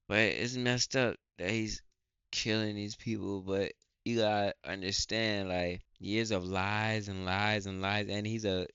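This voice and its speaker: Deep-voiced man reacting casually. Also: unhurried, a bit bright, smooth, no room sound, highs cut off. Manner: blunt slangy talk with fillers. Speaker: YouTube reaction host.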